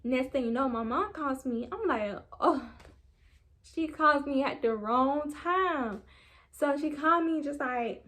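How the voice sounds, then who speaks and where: A woman's voice: high voice, moderate pace. Slangy young woman telling a story. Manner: animated, slangy, talks straight to viewers. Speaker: vlogger. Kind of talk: storytime vlog.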